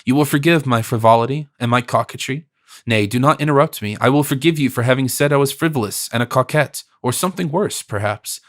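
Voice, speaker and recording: A man reading an audiobook, voicing a composed, gentle noble princess in a measured, lightly raised voice. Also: medium pitch, lightly acted. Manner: gentle, measured, softly teasing.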